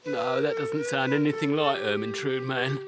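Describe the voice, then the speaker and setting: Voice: mid-range voice, normal speed, lightly acted. A performer voicing a sleepy, laid-back male rabbit in a cartoon, drawling and saying man. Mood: dopey. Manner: drowsy, drawling, says man. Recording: music playing underneath.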